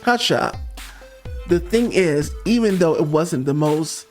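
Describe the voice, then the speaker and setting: A man's voice: fairly high pitch, measured pace, warm tone. A man hosting a pop music review show, talking straight to the viewer in a sassy, emphatic way. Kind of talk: casual opinionated monologue.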